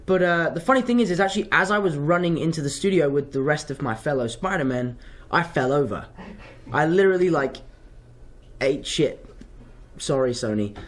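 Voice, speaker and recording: A man's voice: on the high side, animated, moderate pace. A young man from England with an English accent, an actor chatting playfully and laughing through stories in a press interview. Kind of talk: casual press junket chat.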